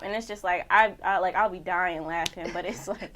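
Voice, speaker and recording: A woman's voice: lowish voice, moderate pace, fairly bright tone. A young woman from Richmond, Virginia, co-hosting a casual chat show and talking with lots of "like" fillers. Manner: chatty, many "like" fillers. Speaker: co-host.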